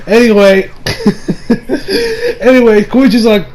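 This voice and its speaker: A man with a high voice gives a casual recap of an anime episode. He rambles loosely and stacks filler words between his thoughts. His delivery is relaxed and conversational. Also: takes it slowly, low-quality recording. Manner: rambling, full of "like" and "you know" fillers. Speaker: anime reviewer.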